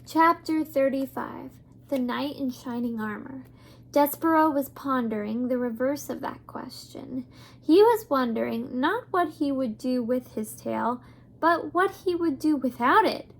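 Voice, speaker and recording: High-voiced woman reading a storybook. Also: animated, unhurried, creaky. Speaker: reader. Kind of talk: reading a children's novel aloud.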